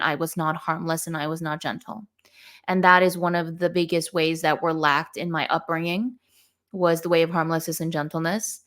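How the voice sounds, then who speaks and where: Brief: woman with a lowish voice, candid and reflective, podcast storytelling. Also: a bit bright, smooth. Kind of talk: casual podcast conversation.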